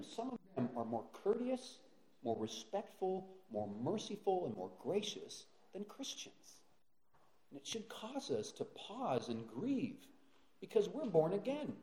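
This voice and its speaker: A man's voice: fairly high pitch, warm tone. Man preaching a sermon in an echoing room. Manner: earnest, rhetorical questions, frequent fillers and restarts. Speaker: pastor. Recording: roomy echo.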